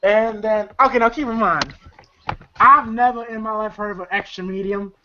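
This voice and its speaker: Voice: medium pitch, moderate pace, sharp tone, slight background noise. A movie reviewer in a rambling, casual chat who retells scenes with laughter and loose fillers, on a dull lo-fi recording.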